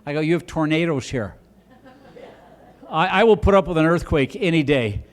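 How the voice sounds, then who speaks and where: A man's voice: a little high, expressive, normal speed. A man doing a stand-up comedy set on a club stage, rambling and self-deprecating, with frequent restarts.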